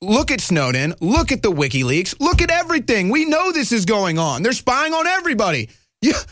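A man's voice: sits high, wildly swooping pitch, fairly quick, a bit bright, no room sound, studio quality. Fired-up man hosting a political show. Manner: heated, emphatic, rising to indignant outbursts. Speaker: talk show host. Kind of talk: fiery political commentary.

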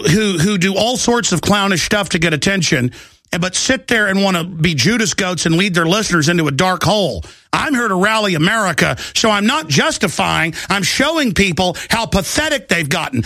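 A middle-aged man hosting a political talk radio show, ranting loudly and combatively and mocking his opponents in put-on voices. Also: high voice, no echo, clean studio sound.

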